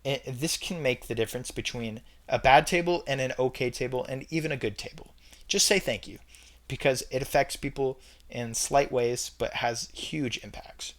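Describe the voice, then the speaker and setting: Young male vlogger, average pitch, casual emphatic delivery, repeats himself for effect. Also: normal speed. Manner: emphatic, repeats his points, chatty fillers. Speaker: vlogger ranking red flags. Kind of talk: casual opinion monologue.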